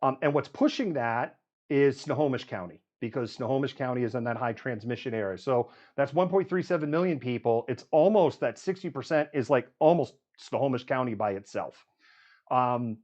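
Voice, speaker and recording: A man's voice: mid-range voice, moderate pace, a little mellow, highs cut off. A man hosting a live news show, reeling off statistics with frequent "um"s and running commentary. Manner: reels off statistics with frequent fillers.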